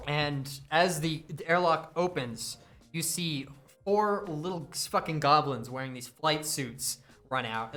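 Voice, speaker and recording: A man narrating a tabletop role-playing game as game master, in a loose, swearing way with quick asides. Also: medium pitch, a bit bright.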